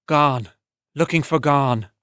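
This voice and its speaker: A man's voice: fairly high pitch, takes it slowly, a bit bright, smooth, no echo, studio quality. A man voicing a sick, weary teenage boy on the run, speaking in a faltering, strained way.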